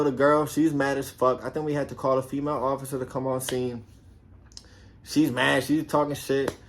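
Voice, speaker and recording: A man who used to be a police officer, telling a story casually, swearing a lot and acting out the voices of people in it. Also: mid-range voice. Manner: profane and animated, acts out quoted voices.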